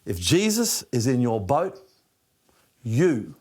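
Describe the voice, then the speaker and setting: A middle-aged Australian man preaching a sermon, passionate and dropping from loud emphasis to hushed near-whispers. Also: mid-range voice, sing-song, moderate pace. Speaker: pastor.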